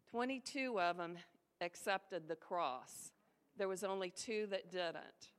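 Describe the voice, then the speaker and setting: A woman's voice: mid-range voice, slow pace, a bit bright, clear, resonant tone. A woman retelling a testimony story in a conversational way, acting out the voices of the people she quotes. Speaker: ministry volunteer sharing a testimony. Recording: long reverb of a large hall.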